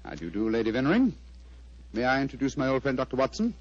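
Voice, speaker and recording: An actor playing a sharp, wry detective in a vintage radio drama, brisk and deductive. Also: male voice, mid-range voice, sing-song, no room sound. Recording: dull lo-fi old radio recording.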